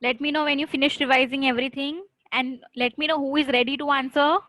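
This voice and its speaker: A woman tutoring French online, mixing English and Hindi, drilling her students with quick questions and repetition. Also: high voice, steady tone, a bit bright, no room sound, poor audio.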